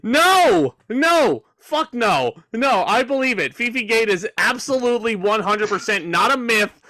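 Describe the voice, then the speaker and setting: A high-voiced man co-hosting a podcast, emphatic and quick to laugh. His bright, sharp tone sounds dry and close, with no room echo. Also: lively intonation. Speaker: podcast co-host. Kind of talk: casual chat.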